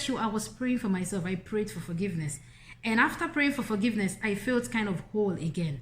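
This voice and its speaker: A woman vlogger retelling a friend's marriage story to camera in a moralizing, emphatic way, often repeating her phrases. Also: mid-range voice.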